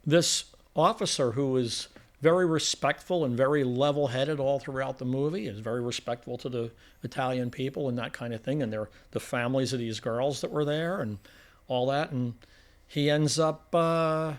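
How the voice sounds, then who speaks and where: A man's voice: medium pitch, normal speed. A man co-hosting a casual movie review chat, retelling scenes animatedly and acting out lines in voices. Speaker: podcast co-host.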